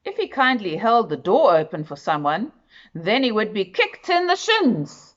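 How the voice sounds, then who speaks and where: A woman reading a children's picture book aloud, expressive and speaking directly to the listener. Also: medium pitch, normal speed, lo-fi sound. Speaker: storyteller.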